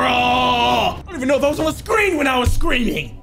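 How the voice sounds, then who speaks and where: A young male streamer with a high voice plays through a horror game, loud and excitable. He curses and shouts at what is on screen, his pitch jumping all over the place. Game music plays behind him. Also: fairly quick, creaky. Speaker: gaming streamer.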